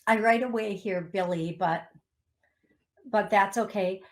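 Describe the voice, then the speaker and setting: A woman hosting a call-in radio show as a psychic medium, speaking slowly and gently, sometimes getting emotional and reading listeners' messages aloud. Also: mid-range voice. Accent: Upper Midwest American.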